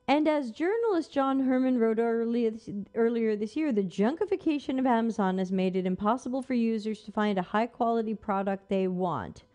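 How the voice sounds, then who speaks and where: A woman's voice: fairly high pitch, very animated, normal speed, hardly any pauses, warm tone. A woman hosting a live stream who reads an article aloud and answers it with skeptical, sarcastic remarks. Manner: skeptical, sarcastic, talks back to the text. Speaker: host.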